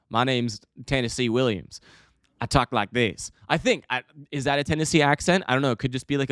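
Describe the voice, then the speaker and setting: A man's voice: medium pitch, a bit bright, no room sound. Young guy rambling on his podcast, jokey and self-mocking, dry close mic sound. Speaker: podcast host. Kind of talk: casual solo podcast storytelling.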